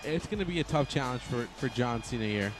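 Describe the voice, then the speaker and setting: A man's voice: mid-range voice, fairly quick. Rambling man calling wrestling over game music. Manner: rambling, excitable, self-correcting. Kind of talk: casual play-by-play commentary over a video game.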